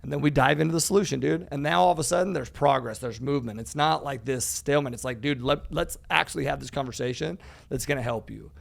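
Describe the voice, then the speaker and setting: A man's voice: medium pitch, quick pace, gravelly. A man talking casually on a podcast, acting out conversations, saying "dude" often and swearing freely. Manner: animated storyteller, says "dude" often, acts out dialogue. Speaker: podcast guest, real estate educator.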